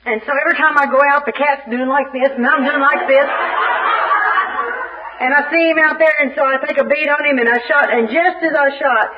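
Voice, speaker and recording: Animated woman telling a comic story. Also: sits high, fairly quick. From Little Rock, Arkansas. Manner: animated, comic storyteller who acts out scenes. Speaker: speaker at a recovery fellowship meeting. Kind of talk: humorous personal storytelling share. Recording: dull lo-fi archive tape.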